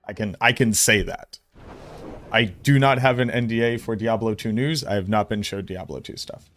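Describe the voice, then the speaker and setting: A man streaming, giving casual commentary in a blunt, excitable way and swearing freely. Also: lowish voice, normal speed.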